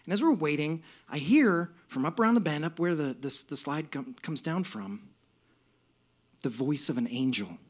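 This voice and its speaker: Animated man telling a comic story. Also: on the high side, normal speed. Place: live venue on stage.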